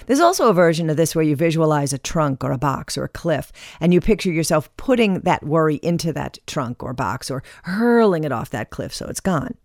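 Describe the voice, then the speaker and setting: Woman w a low voice doing a wry chatty self-help talk, dry close sound. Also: brisk, few pauses, dry recording. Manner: wry, chatty, lively asides. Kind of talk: scripted self-help monologue.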